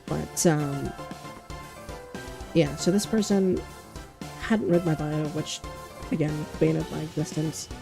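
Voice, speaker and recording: A woman streamer chatting casually and rambling on, blunt and quick to swear. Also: low voice, steady tone, gravelly, over music. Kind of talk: casual livestream chat.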